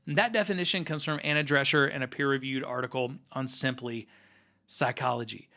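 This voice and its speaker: Bright-voiced man explaining earnestly. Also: mid-range voice, steady tone, fairly quick. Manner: earnest, explanatory, with frequent fillers. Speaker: host. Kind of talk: teaching talk to camera.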